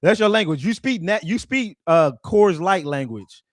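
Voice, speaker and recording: A man's voice: high-pitched, animated, moderate pace, no room sound, studio quality. A man hosting a livestream, talking with callers in a confrontational, mocking, trash-talking way. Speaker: livestream host.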